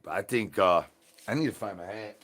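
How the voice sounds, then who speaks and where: A man live streaming in a goofy zombie persona, rambling with sing-song rhymes and yelling at his chat. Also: lowish voice, a little fast. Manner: silly rhyming and sing-song wordplay.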